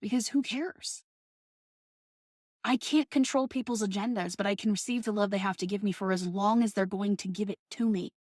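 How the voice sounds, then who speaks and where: A woman's voice: mid-range voice, steady tone, normal speed, darkish tone, no room sound, studio quality. A woman in her thirties talking in a casual, passionate monologue, swearing often and ranting with emphasis. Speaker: podcast host.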